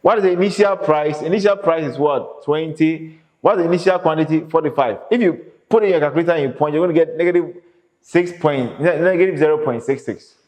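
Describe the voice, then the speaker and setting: Here an economics lecturer talks a little fast in a slightly high, slightly mellow voice. He teaches with emphasis, raising questions for the class and answering them on his own, recorded in a reverberant, echoey room.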